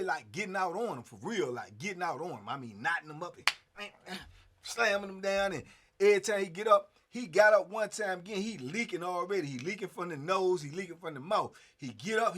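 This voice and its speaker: Animated high-voiced male storyteller. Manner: animated, with sound effects and frequent fillers. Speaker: host. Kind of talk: casual storytelling.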